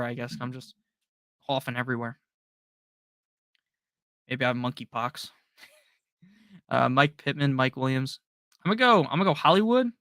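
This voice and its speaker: A man hosting a casual live-stream Q&A, reading viewer questions aloud and answering them quickly with jokes. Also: mid-range voice, bright, forceful tone, clear, resonant tone, no echo, clean studio sound. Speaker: fantasy football stream host.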